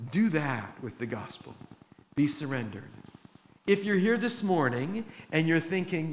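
A man's voice: a little high, a bit bright, a little hiss or hum. Earnest preacher type, man, roomy church sound. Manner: earnest preaching with put-on voices of doubters. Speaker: pastor. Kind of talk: sermon.

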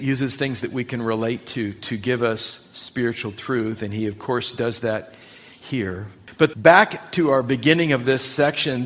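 A man's voice: mid-range voice, fairly bright tone. A middle-aged man preaching a sermon as pastor, in an earnest storytelling manner.

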